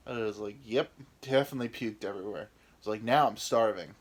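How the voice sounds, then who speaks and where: A man's voice: mid-range voice, fast talker. A young American man spins a long comic anecdote on his podcast, rambling and cheerfully profane, laughing at himself as he goes. He has an ordinary mid-range voice and talks like he is chatting with a friend. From United States. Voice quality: rambling, profane, self-mocking. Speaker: podcast host. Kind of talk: casual comedic storytelling.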